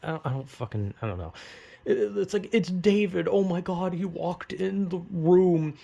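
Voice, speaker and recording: A man's voice: high-pitched, moderate pace, gravelly, warm tone, dull audio. A young man in a casual comedic rant, rambling and swearing, acting out crowd reactions in exaggerated voices. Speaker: vlogger ranting.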